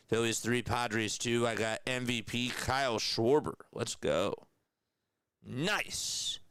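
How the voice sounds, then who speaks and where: A young man doing radio-style baseball play-by-play on a live stream, calling pitches and greeting viewers in the chat. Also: clean tone, no echo. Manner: steady, measured game calls.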